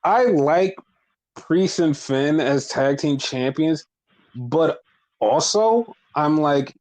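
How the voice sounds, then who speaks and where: Profane, animated podcast man. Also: fairly high pitch, slow, low-quality recording. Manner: profane, animated retelling with put-on quotes. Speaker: podcast co-host. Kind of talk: casual wrestling recap chat.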